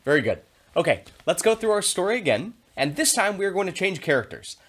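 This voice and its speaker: A man teaching a theater video lesson to young children, speaking in a clear, encouraging and expressive way. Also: high voice, brisk.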